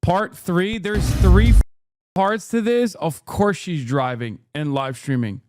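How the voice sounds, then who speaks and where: A man reacting to video clips in casual commentary, sarcastic and quick to swear, often cutting himself off mid-word. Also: sits high, a little mellow, no room sound, clean studio sound.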